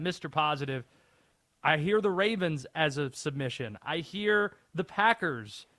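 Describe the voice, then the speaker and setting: A man's voice: fairly high pitch, fairly bright tone, no room sound. A man hosting a call-in sports radio show, playful with a mock-grand patter.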